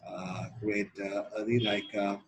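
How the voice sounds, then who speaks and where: A man's voice: on the low side, little pitch movement, unhurried, slight background noise. A man from India, a sales trainee practicing a sales call, talking in a hesitant, rambling way full of fillers.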